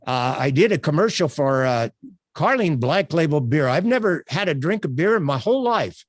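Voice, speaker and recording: An older man presenting a sales workshop over a video call, telling stories in an animated way with frequent fillers. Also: fairly high pitch, moderate pace, dry recording, studio quality. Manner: animated, projecting, storytelling with many fillers.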